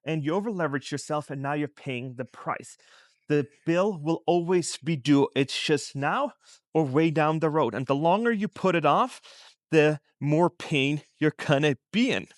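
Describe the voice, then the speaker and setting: A man vlogs about finances in a relaxed, conversational tone, his voice sitting a little high for a man. He keeps throwing rhetorical questions at the viewer. The sound is dry and close, with no room echo. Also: moderate pace. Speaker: finance vlogger. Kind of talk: casual commentary to camera. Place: outside a store in a shopping district.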